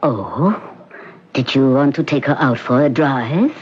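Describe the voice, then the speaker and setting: An actor playing a formal, cautious hospital doctor who speaks in a measured, precise way, in 1970s radio drama acting. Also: male voice, mid-range voice, animated, breathy edge. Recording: dull old radio recording, faint hiss.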